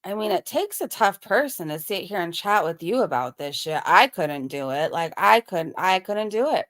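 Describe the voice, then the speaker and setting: A woman's voice: fairly low pitch, lively intonation, normal speed, a bit bright. A woman hosting a casual reaction commentary, making amused and incredulous asides. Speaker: commentary channel host.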